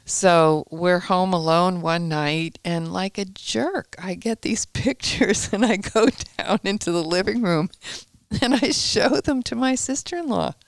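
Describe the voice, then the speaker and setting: A woman guest in a studio telling her personal faith story in a lively way, acting out past conversations as she goes. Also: lowish voice, unhurried, vocal fry, no room sound.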